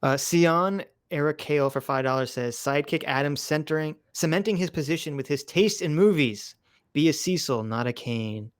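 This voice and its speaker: A man's voice: fairly high pitch, normal speed, smooth. A man co-hosting a casual livestream chat, joking, laughing often and reading out viewer messages. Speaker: livestream co-host reading donations.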